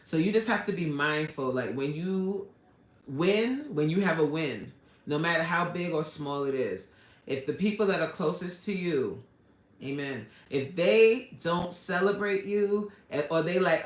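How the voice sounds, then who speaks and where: A life coach with an East Coast American accent chats casually on a live stream, reading viewer comments aloud. Her fairly low voice moves at a moderate pace in a reverberant space. She's expressive, laughs a lot, and tosses in a preacher-style "amen."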